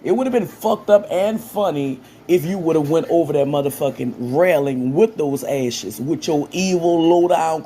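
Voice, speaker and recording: A woman with a Louisiana accent and a deep, husky voice rants in a clip, stacking profane insults over and over. A light hiss sits under her voice. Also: normal speed, few pauses, mellow. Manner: profane, repetitive insult-laden roasting. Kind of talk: ranting online video clip.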